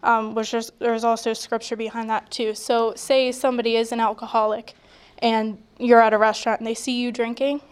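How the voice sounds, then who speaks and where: A woman in a casual chat reading scripture verses aloud and explaining them in a measured way, with some fillers. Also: fairly high pitch, level tone, clean tone.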